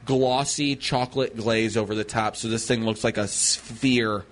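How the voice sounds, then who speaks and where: A man's voice: medium pitch, fairly even intonation, measured pace. Rambling, playful radio co-host man. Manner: rambling, playful, slips into silly voices. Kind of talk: casual banter.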